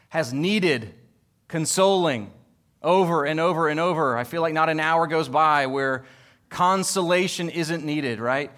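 Fairly high-voiced emphatic male pastor. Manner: emphatic, rising to loud peaks then dropping soft; tells homely family stories. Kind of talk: sermon.

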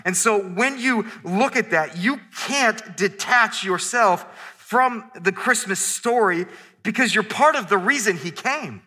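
Bright-voiced man preaching in a reverberant hall. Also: sits high, lively intonation, slightly rough. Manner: earnest, repeats words when starting phrases; slows down to stress scripture. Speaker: pastor. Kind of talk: sermon.

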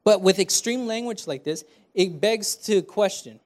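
A man's voice: high-pitched, unhurried. A young man preaching a conversational sermon from a church stage, talking to the crowd with lots of rhetorical questions. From Canada. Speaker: preaching student.

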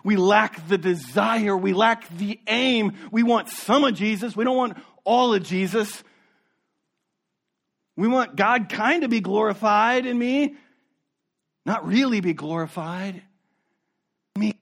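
A man preaching a sermon as a pastor, earnest, dropping low and soft for emphasis and often repeating words as he searches for them. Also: takes it slowly, creaky, long pauses.

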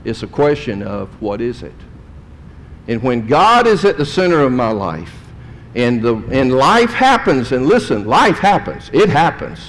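A man preaching a sermon, in folksy storytelling that swings between loud and quiet. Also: very animated, a little slow. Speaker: pastor. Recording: long hall reverb, faint rumble.

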